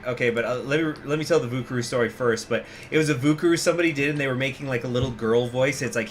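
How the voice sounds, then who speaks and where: A man's voice: medium pitch, very fast, few pauses, a little hiss or hum. A man hosting a gaming channel, talking casually and rambling off into stories while he plays a strategy game. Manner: rambling, digressive, laughs often.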